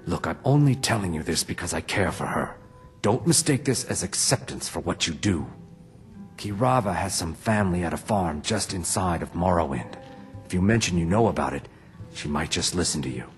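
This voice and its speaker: An earnest lizard-man from a fantasy video game, lovesick and gentle. His voice sits very low and he speaks in a measured, careful way. Faint game music runs underneath. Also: animated. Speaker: game character.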